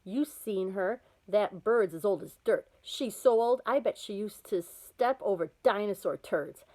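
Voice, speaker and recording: A woman voicing a cocky teenage boy who talks cool and low out of the corner of his mouth. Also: a little slow, a little mellow, lightly acted. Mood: scornful.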